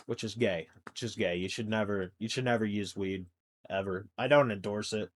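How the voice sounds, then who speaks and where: A young man hosting a comedy podcast, rambling through a crude monologue that swings between loud outbursts and low mumbling. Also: steady tone, brisk. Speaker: podcast host.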